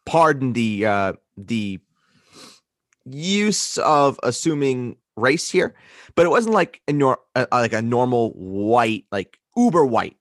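A man hosting a casual podcast, an animated storyteller who swears freely. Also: medium pitch, slow, dry recording, clean studio sound. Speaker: podcast host.

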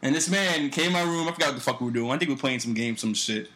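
A man's voice: medium pitch, very fast, a bit bright. A young man co-hosting a casual podcast, teasing and swearing in loose banter, recorded in a roomy, echoey room. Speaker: podcast co-host. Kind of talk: casual chat.

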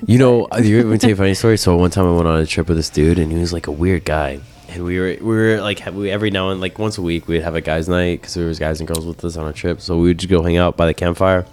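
A man's voice: deep voice, steady tone, fast talker, a little mellow. A man chatting casually, telling rambling, profane stories full of restarts and false starts. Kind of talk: casual chat.

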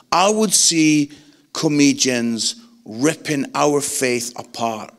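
A middle-aged man preaching a sermon, animated and jokey, acting out voices in his stories. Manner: animated, jokey, acts out voices with big pitch swings. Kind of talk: sermon with comic storytelling.

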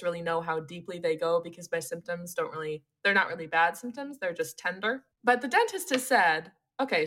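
A young woman in casual chat, telling a personal story with lots of laughter and animated asides. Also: mid-range voice.

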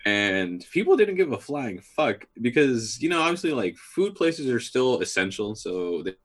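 A man's voice: medium pitch, big pitch swings, moderate pace. A man co-hosting a podcast, chatting in a blunt, profane, jokey way. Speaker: podcast co-host. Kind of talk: casual chat.

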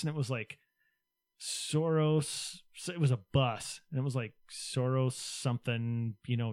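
A man's voice: medium pitch, a little mellow, dry recording, studio quality. A man co-hosting a casual political talk show, chatting wryly and hedging his points. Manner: wry and chatty, with hedging asides. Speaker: podcast co-host.

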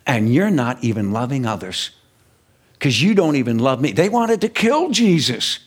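A man preaching a sermon in an animated, emphatic way, stretching key words out slowly for weight. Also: mid-range voice, breathy edge.

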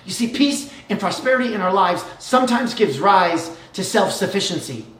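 A preacher telling a story in an animated way, going from hushed to loud. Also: medium pitch, normal speed, echoey room, distant mic. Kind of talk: sermon.

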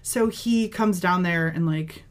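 A woman co-hosting a podcast in casual chat, playful, teasing and excitable. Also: on the low side, measured pace. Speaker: podcast co-host.

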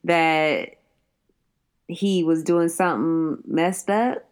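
A woman's voice: low-pitched, fairly even intonation, very slow, clear, resonant tone. A woman in casual chat about a film, blunt and agreeable. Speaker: co-host recapping a film.

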